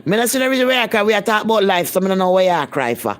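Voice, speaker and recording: A woman's voice: medium pitch, sing-song, rapid-fire, dry recording. A Jamaican woman holds a casual live-stream chat with her viewers, speaking in thick patois. She talks bluntly and emphatically, repeating lines to press her point. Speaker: vlogger.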